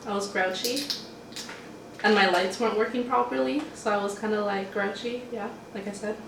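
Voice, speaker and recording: A woman's voice: medium pitch, steady tone, normal speed, vocal fry, fairly bright tone, slight background noise. A young woman hosting a mukbang at home, chatting casually and rambling in a laid-back way while she eats. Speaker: mukbang host. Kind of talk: casual chat while eating. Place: home, eating at a table. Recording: roomy room sound from a distant mic.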